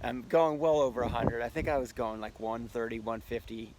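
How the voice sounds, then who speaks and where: A man's voice: medium pitch, level tone, fairly quick. A man hosting a casual vlog, telling an anecdote in a chatty way and laughing often as he goes. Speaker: host. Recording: noticeable background noise.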